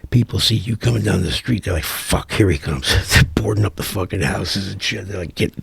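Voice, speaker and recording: A man's voice: fairly low pitch, a little fast, gravelly, a bit bright, slightly rough, no echo. A middle-aged man giving a profane, exasperated vlog rant, rambling with frequent restarts. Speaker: vlogger. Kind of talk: ranting commentary vlog.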